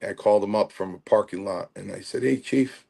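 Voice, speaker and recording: Middle-aged male guest, lowish voice, animated storyteller who acts out the voices of others. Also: fast, gravelly. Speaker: podcast guest. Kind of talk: storytelling interview.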